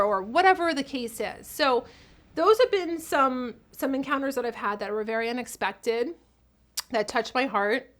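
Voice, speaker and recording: A woman with a fairly high voice tells her stories straight to camera. She talks casually and with feeling, stopping and restarting often and leaning on fillers as she goes. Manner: emotional, animated, lots of fillers and restarts. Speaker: vlogger and author.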